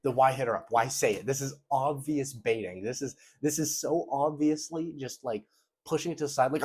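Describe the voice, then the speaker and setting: A young man hosting a casual commentary video, sarcastic and animated as he reacts to messages and mocks them. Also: medium pitch, fast talker, slightly rough.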